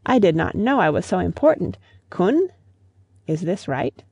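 A storyteller voicing a bargaining crab that boasts once it shrinks small and green, with a gravelly, husky voice. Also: mid-range voice, sing-song, a little slow, a little mellow, no echo, highs cut off, heavily acted. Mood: boastful. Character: proud soft-shelled crab shrinking to a tiny green crab.

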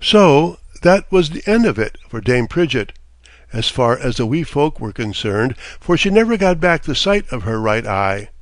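Brief: steady male storybook narrator, mid-pitched voice, dead-dry recording. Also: moderate pace, no room sound. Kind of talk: storybook reading.

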